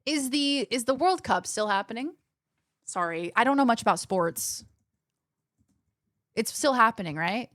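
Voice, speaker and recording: A young woman streaming a game, chatting with her viewers in quick, casual asides. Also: on the high side, lively intonation, a bit bright, dry recording, studio quality. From Australia. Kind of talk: casual chat while gaming.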